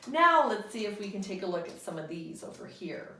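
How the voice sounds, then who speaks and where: A woman leads a remote lesson for young children, speaking slowly in a patient, sing-song teacher voice. The recording is roomy. She sounds a little distant from the microphone. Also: medium pitch, animated, bright, forceful tone. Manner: slow, patient, sing-song teacher talk with call-and-response. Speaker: kindergarten teacher. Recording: roomy home recording, voice somewhat off-mic.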